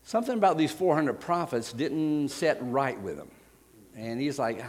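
A man's voice: medium pitch, lively intonation, moderate pace, long reverb tail. Conversational male preacher retelling scripture. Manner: conversational storytelling, retelling scripture in casual paraphrase; frequent fillers and self-corrections while finding verses. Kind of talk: sermon.

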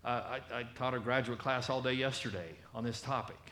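A man preaching a sermon in a conversational, animated way, often acting out the people he quotes. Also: medium pitch, fairly quick, echoey room.

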